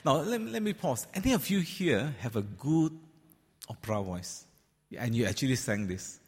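Husky-voiced preacher in a reverberant hall. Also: male voice, medium pitch, big pitch swings, moderate pace. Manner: conversational, teasing the congregation, frequent fillers. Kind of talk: sermon. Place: large church hall. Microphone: handheld or stand microphone.

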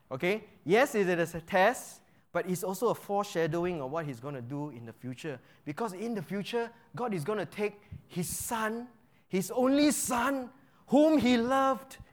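A man with a notably high-pitched voice leads an interactive Bible lesson. He keeps asking his listeners questions and checking in with them. He repeats key phrases to drive his points home. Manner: quizzes the audience with frequent "right?" checks. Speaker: Bible teacher.

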